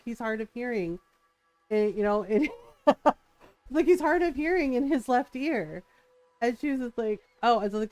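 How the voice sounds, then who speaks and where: A middle-aged woman streamer chatting casually, telling an animated story with frequent laughs and quoted voices. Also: fairly high pitch, no echo. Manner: animated, laughing often, quoting others in shifting voices.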